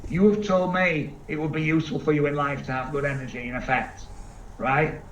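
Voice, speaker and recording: A man giving an energetic seminar talk to a live audience, asking them questions and acting out quick voices. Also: a little high. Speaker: seminar speaker. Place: large event room with live audience. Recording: echoey room, distant mic, dull sound, faint background noise.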